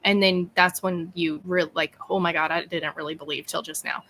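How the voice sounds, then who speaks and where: Bright-voiced woman telling a story. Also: fairly low pitch, moderate pace, a little hiss or hum. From East Texas. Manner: animated, acts out quoted dialogue. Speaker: podcast host and guest. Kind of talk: casual interview storytelling.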